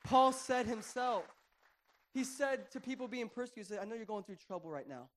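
A pastor giving a sermon with animated, conversational preaching and playful asides. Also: male voice, sits high, fast.

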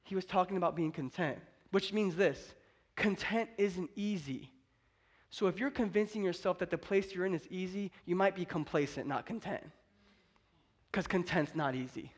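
A man's voice: high voice, normal speed, breathy edge. A young man preaching a sermon as a pastor, speaking with fervent, emphatic energy and acting out scripture quotes.

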